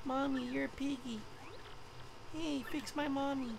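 A woman's voice: high-pitched, fairly even intonation, unhurried, vocal fry, background noise, pitched above the performer's own voice. A woman voicing small, hungry village children who whine in a little voice. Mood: whiny.

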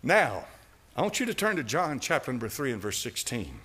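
A man preaching a sermon as pastor, fiery and dramatic, swinging between loud cries and low asides, with chuckles along the way. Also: very animated, a little fast, slightly rough.

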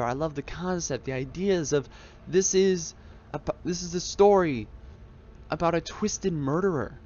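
A man's voice: on the high side, highs cut off. A young man talking casually about games he loves, rambling and enthusiastic, often restarting his sentences. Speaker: YouTube gamer. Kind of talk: casual reflective monologue. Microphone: headset.

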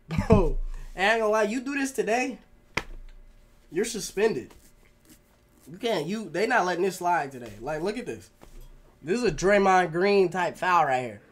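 A man hosting a basketball reaction video, excitable and full of slang, always asking if you know what he means. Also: high-pitched, moderate pace, pauses often. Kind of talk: casual reaction commentary.

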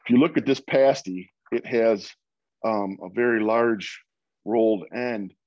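A man's voice: fairly low pitch, measured pace, a little mellow, dry recording, highs cut off. A man from Michigan giving an informal presentation over a video call, with many fillers and restarts. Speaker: guest speaker.

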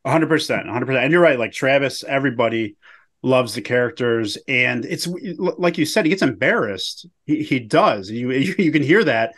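A man's voice: medium pitch, animated, moderate pace, a bit bright. A man co-hosting a podcast, chatting about a radio show with easygoing, jokey banter. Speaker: podcast co-host. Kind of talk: casual recap chat.

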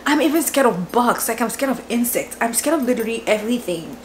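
A woman in her twenties, a vlogger telling a story at home in a lively, chatty way, laughing often and filling her talk with "like". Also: fairly high pitch, fast talker, a little hiss or hum. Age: 20s. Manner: animated, laughing, lots of "like" fillers. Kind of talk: casual storytelling vlog. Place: home, indoors.

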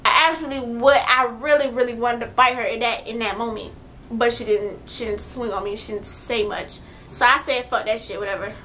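A young adult woman telling a story on her vlog, blunt, profane and animated, her voice swinging louder at times. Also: on the high side, normal speed, a little hiss or hum. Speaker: vlogger.

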